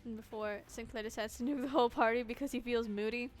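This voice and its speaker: A woman's voice: fairly high pitch, fairly even intonation, quick pace, soft background music. A woman streamer giving casual, playful commentary while she plays a game, joking and laughing often.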